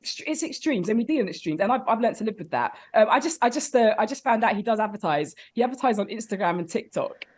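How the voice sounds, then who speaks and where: Animated, high-voiced woman telling comic stories. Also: fast, few pauses. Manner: animated, laughing storyteller with big exclamations. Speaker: comedy panel guest. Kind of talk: comic podcast banter.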